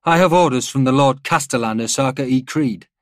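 A man voicing a self-assured male tank commander who answers in calm, measured, unbending replies, a little higher than his own voice. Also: no room sound, clean studio sound, natural voice. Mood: composed. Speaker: tank army general.

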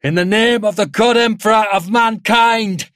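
A man voicing a determined male tank captain who speaks in resolute, forceful lines, pitched well above his own voice and loud. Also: takes it slowly, dry recording, studio quality.

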